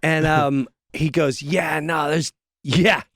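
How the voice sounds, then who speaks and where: A middle-aged man, a comedian guest, telling an animated story in a casual studio chat and acting out the voices of the people in it. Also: a little high, takes it slowly, creaky, dry recording. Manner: acts out voices in his stories, lively and excitable.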